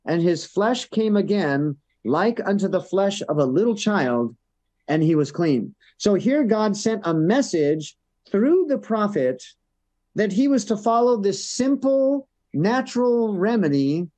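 A man with a high-pitched voice delivers a sermon. He reads verses aloud, then explains them in a relaxed, conversational way, often tagging on "no?" to keep listeners with him. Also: unhurried. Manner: reads scripture then retells it in plain words, tag questions. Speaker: church elder preaching. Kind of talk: sermon with scripture reading.

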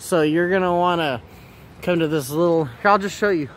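A man's voice: on the high side, normal speed. Playful man vlogging outside by traffic. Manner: playful, joking, chatty. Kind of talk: casual vlog narration. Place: outdoors at a small street food stand by traffic. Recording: outdoor traffic noise.

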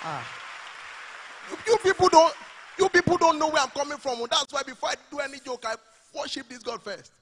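A man with a Nigerian accent performing animated stand-up comedy live at a church event. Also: very high-pitched, fairly quick, some chatter behind. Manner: animated, mixing Pidgin and Yoruba.

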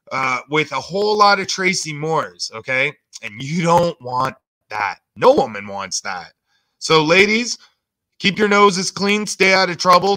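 Bright-voiced man mocking clips. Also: a little high. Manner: crude, mocking asides. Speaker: host reacting to clips. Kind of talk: casual reaction commentary.

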